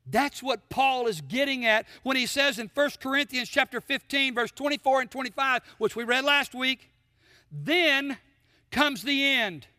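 A man's voice: very high-pitched, normal speed, few pauses, pushed and bright, no echo, studio quality, in a large hall. A man preaching a sermon, emphatic and full of rhetorical questions to the congregation. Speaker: pastor.

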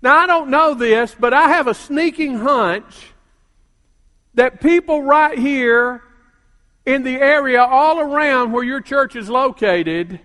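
An older man preaching a sermon as a pastor, calling out to the congregation and building to emphatic shouts. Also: very high-pitched. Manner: call-and-response preaching, rising to emphatic shouts. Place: church sanctuary. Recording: long reverb of a church hall.

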